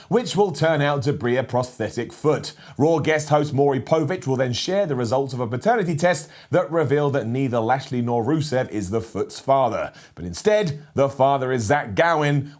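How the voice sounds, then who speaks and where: A man anchoring a satirical news broadcast with a smug, mock-serious delivery. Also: mid-range voice.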